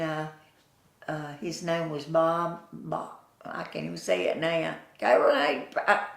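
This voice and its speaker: A woman's voice: low voice, gravelly, fairly bright tone, reverberant. An older woman with a Southern US accent, telling folksy stories in an oral history interview. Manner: slow, folksy, chuckling storyteller who acts out quoted voices.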